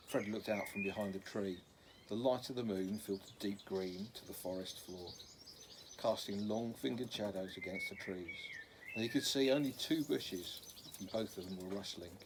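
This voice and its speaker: A man's voice: on the low side, background noise. A man reading a children's novel aloud in an unpolished way, stopping now and then to correct slips. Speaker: reader.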